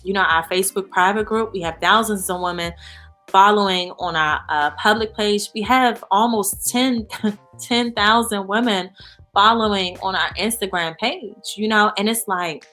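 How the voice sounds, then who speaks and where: Lively candid woman, bright voice. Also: mid-range voice, moderate pace, soft background music. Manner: animated and candid, with frequent fillers like "you know" and "like". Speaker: guest, founder of a support organization. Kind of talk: casual interview chat.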